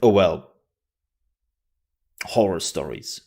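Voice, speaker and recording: Slow, gravelly-voiced male streamer. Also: sits low, expressive, darkish tone. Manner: joking, laughs often. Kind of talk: casual live-stream chat.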